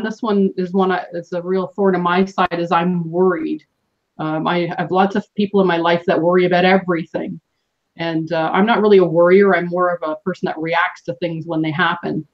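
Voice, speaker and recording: A woman from Canada hosting a team call, giving earnest coaching advice with some fillers. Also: fairly low pitch. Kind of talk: motivational team call talk. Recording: dull lo-fi call audio.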